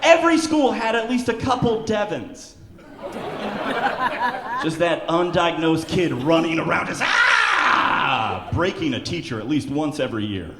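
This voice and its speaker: A man performing a stand-up comedy set on a club stage who breaks into loud, shouted character voices. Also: fairly high pitch, very animated, a little slow, background noise. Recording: echoey club with loud crowd. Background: audience laughter.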